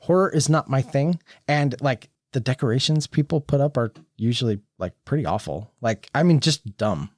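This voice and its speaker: A man's voice: medium pitch, lively intonation, normal speed, few pauses, darkish tone, no room sound, clean studio sound. A man hosting a casual board game podcast, chatty and steering the talk. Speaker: podcast host. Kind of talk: casual chat.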